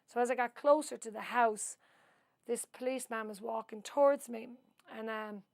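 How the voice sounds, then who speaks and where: A woman's voice: a little high, normal speed, creaky, darkish tone, dry recording. Irish woman, oral-history storyteller, rambling with asides, dry close sound. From Ireland. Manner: long-winded storyteller who adds asides. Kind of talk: rambling spoken recollection.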